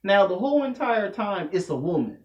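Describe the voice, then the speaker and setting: Animated man ranting in an echoey room. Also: high-pitched, brisk. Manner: loud, animated, slangy storytelling. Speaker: vlogger. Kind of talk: profane comedic rant to camera. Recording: echoey room, dull lo-fi audio.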